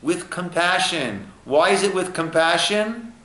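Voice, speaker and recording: A male rabbi teaching an informal study class, unhurried and acting out little dialogues as he explains. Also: high voice, lively intonation, a bit bright. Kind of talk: informal text study lesson. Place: echoey room at a lunch study group. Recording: roomy echo.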